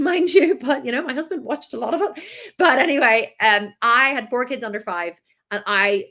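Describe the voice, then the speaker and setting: A woman, telling a personal story in a chatty, animated way during a masterclass talk. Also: mid-range voice. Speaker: coach.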